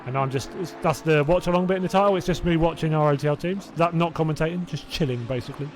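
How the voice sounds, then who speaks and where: A man's voice: fairly high pitch, fast, a little mellow, a little hiss or hum. A young man casually hosting a live sim racing watch-along, chatty and reacting aloud, laughing often. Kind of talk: casual live-stream chat.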